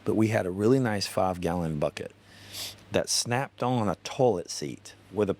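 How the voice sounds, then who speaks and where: A low-voiced man with a Southern US accent hosting a relaxed podcast. He is chatty and easygoing, trading stories and asking follow-up questions. His pace stays unhurried and conversational. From North Carolina, US. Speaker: podcast host. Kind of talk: casual interview.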